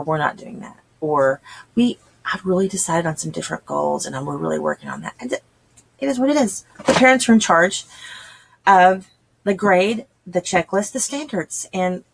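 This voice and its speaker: A woman's voice: on the low side, gravelly. A woman, talking casually and chattily to homeschooling parents, acting out quoted voices as she explains. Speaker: homeschool channel host.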